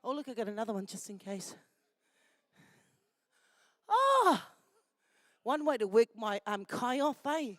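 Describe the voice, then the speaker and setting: Festival MC, woman, New Zealand accent, high and unhurried, chatty and affectionate. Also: very animated, a bit bright, dry recording, clean studio sound. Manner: chatty and affectionate, calls people darling. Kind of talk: live event MC, handing out and announcing. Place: festival venue.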